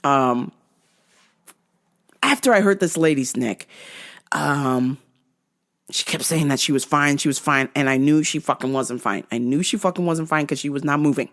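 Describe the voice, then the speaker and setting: A woman vlogger telling a story casually, swearing freely and with animated delivery. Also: deep voice, normal speed, pauses often. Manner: profane, animated.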